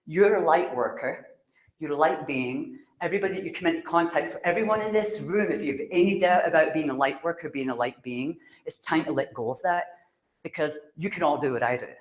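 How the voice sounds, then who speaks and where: Animated woman telling stories to a room. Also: low-pitched, brisk. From Scotland. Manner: animated storyteller who acts out quoted dialogue and laughs often. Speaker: spiritual speaker. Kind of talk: storytelling talk to a live audience. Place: room with an audience. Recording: roomy, echoey hall sound.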